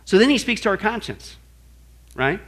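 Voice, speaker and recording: A male pastor giving a lively teaching sermon, asking the congregation questions and acting out what God says. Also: high-pitched, moderate pace. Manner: animated, asks the crowd questions, acts out God's voice.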